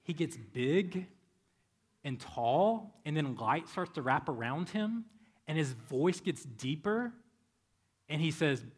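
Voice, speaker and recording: A man preaching a sermon as pastor, conversational and storytelling, softening into prayer. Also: a little high, slow, breathy edge. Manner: conversational, animated when storytelling, soft when praying. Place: church. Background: faint band music.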